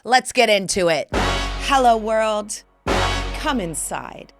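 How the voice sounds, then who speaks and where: A woman's voice: mid-range voice, lively intonation, slow pace, music in the background. A woman in her forties hosting her own podcast, talking in a sassy, theatrical way and calling the listener "honey". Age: 40s. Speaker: podcast host. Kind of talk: casual solo podcast monologue.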